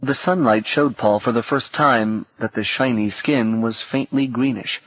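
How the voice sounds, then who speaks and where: A man narrating an audiobook in a calm, steady reading manner. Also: mid-range voice, a little slow, no room sound. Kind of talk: scripted narration. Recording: dull, dry cassette audiobook.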